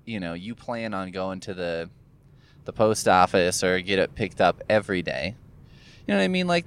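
A man with a fairly low voice that swings up and down as he muses, rambling through his thoughts in an offhand, profane way. He sounds a bit sore, still recovering from gum surgery, and talks as if to a camera while out and about. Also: smooth. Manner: musing, wandering, swears casually. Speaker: vlogger. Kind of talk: casual rambling monologue. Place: in a car.

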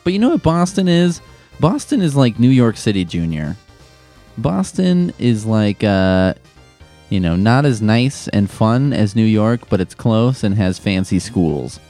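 Comedic advice host, young man, profane deadpan-sarcastic delivery, dark mellow tone. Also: fairly low pitch, a little slow, soft background music.

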